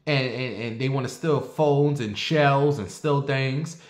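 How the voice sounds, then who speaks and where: A man telling a story in a casual monologue to his viewers, animated and profane, addressing them directly. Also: medium pitch, takes it slowly, roomy sound.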